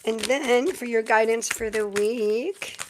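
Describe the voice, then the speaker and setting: A woman's voice: a little high, slow, noisy background. Chatty woman giving tarot readings. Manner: chatty, many fillers, thanks viewers often. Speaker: tarot reader live-streaming. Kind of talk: casual live-stream card reading.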